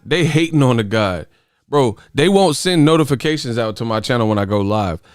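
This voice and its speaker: A man's voice: mid-range voice, smooth, no room sound, studio quality. Profane, laughing man host. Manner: profane, laughing, animated rants. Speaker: boxing channel host. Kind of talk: casual live-stream chat.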